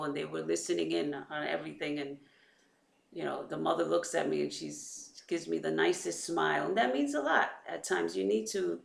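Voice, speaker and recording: Gravelly New mom chatting. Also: female voice, deep voice. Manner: talkative, retells conversations, faith-filled. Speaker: mother vlogging about her sons. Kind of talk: casual chat to camera. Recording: echoey room.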